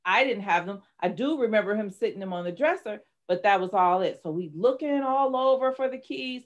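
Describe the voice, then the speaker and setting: A woman's voice: medium pitch, expressive, a little fast. A middle-aged woman, a life coach and author, telling her personal story candidly and with strong emotion in an interview. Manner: candid, emotional, dramatic retelling.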